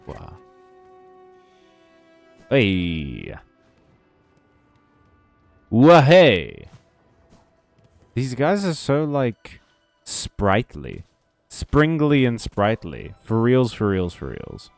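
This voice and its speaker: A man's voice: medium pitch, huge pitch swings, slow pace, vocal fry, darkish tone, soft background music. A man streaming a game, chatting casually with viewers, joking and swearing as he plays. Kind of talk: casual gameplay commentary.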